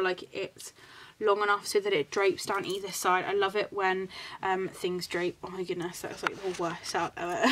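A woman's voice: medium pitch, fairly bright tone, a little hiss or hum. Young woman, casual crafting vlogger, slight lisp, talks in a loose, filler-heavy ramble, recorded at home on a floor camera. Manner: chatty and rambling, many ums and likes.

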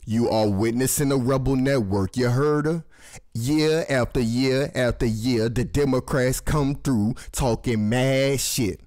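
Male host, angry profane rant delivered straight to the viewer, average pitch. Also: measured pace, darkish tone. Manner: angry, preachy, swears constantly. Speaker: commentary show host. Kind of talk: profane ranting commentary.

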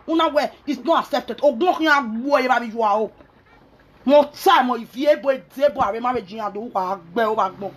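A woman delivers an angry, scolding rant at her audience, her voice high and husky. She talks in a heated, accusing way. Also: a bit bright, low-quality recording. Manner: angry, scolding, mixing pidgin and local language. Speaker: social media commentator.

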